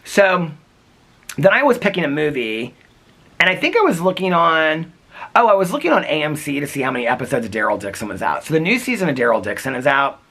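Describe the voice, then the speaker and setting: Chatty man with a lively, bright voice. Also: fairly high pitch, breathy edge. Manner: chatty, rambling, quick asides. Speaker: vlogger. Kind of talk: casual storytelling vlog. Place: front porch outdoors.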